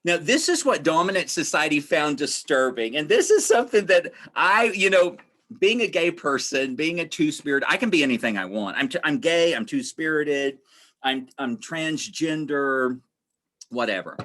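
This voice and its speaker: Animated man presenting a webinar. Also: fairly high pitch, normal speed. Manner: animated storytelling, acts out quoted voices; repeats phrases for emphasis. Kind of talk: conversational presentation.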